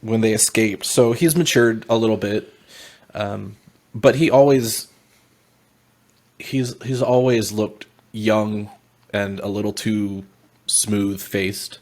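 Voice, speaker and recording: A man describing his character in a tabletop game, halting with many fillers and restarts. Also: lowish voice, a little mellow. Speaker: player.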